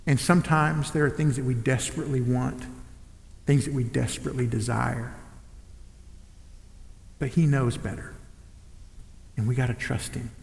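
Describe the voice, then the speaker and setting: A man in his thirties preaching a sermon in a church, telling a personal story and moving from loud to hushed delivery. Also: medium pitch, creaky. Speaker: pastor. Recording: echoey hall with long reverb.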